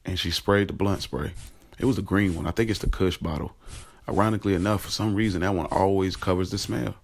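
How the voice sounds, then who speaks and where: A man's voice: low-pitched, steady tone, fairly quick, gravelly. A man narrating his own story in the first person, in a casual, streetwise and profane way. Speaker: narrator and creator.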